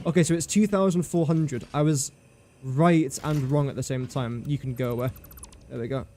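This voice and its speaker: A man's voice: mid-range voice, fairly even intonation, normal speed, darkish tone, slight background noise. A man streaming live gameplay commentary, thinking aloud in a chatty way, talking to his game and to viewers in chat.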